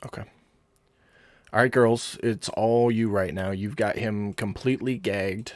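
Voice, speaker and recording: A man's voice: fairly low pitch, fairly even intonation, measured pace, darkish tone, dry recording. A man acting as game master, patiently explaining rules and describing the scene step by step. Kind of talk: running a tabletop game online.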